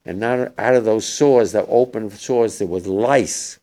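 An older man, a war veteran, gives spoken testimony to young listeners, halting and emotional with many restarts. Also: lowish voice, warm tone.

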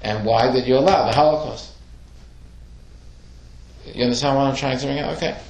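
A man teaching a class, middle-pitched and lively, throwing questions at his listeners and acting out the voices in his stories. The room is echoey and bare. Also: a little fast, slight background noise. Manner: questioning, animated storytelling with acted quotes. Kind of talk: classroom Torah lesson.

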